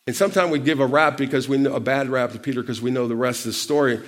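A male pastor delivering a lively sermon, asking questions of the congregation and prompting them to answer. He grows louder for key points and drops quieter for asides. His voice sits at an ordinary middle pitch for a man. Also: fast, few pauses. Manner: lively preaching with call-and-response questions; animated, shifts loudness for emphasis.

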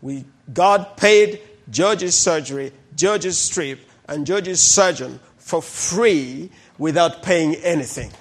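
A middle-aged pastor tells stories from the pulpit in a fairly high voice. He talks with a lot of life and slips into the voices of the people in his stories. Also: takes it slowly, hardly any pauses, slight background noise. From Uganda. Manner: animated storyteller who acts out the people in his stories. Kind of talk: sermon testimony storytelling.

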